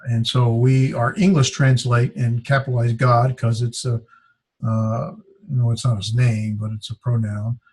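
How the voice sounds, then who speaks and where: Here a man teaches a classroom lesson, slow and halting, and he stops often to sound out each syllable. His voice is a little husky, at an everyday middle pitch. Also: level tone, a little mellow. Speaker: Greek teacher.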